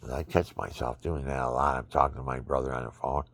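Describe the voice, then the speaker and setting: A sleepy, exhausted man rambling through a religious monologue into his phone at home, swinging from loud bursts to murmurs. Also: a bass voice, fairly even intonation, fast talker, creaky, no room sound. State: sleepy, extremely tired. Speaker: vlogger.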